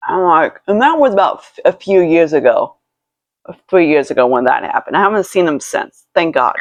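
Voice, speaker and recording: A woman's voice: sits low, big pitch swings, normal speed, no room sound. Rambling, foul-mouthed woman vlogger. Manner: rambling, profane storytelling with many restarts. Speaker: beauty vlogger. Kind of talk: casual chat while doing makeup. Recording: dull lo-fi, dry sound.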